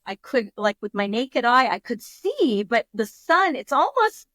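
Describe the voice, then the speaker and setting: A woman guest on a podcast, telling a story in a lively, casual way and acting out her own thoughts in quotes. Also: fairly high pitch, unhurried, no room sound.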